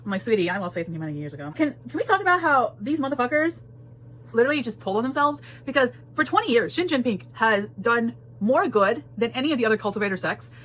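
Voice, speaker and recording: A woman's voice: on the high side, animated, quick pace, fairly bright tone, slight background noise. A woman giving a casual spoiler book talk, emphatic and full of repeated phrases and laughter. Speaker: book reviewer.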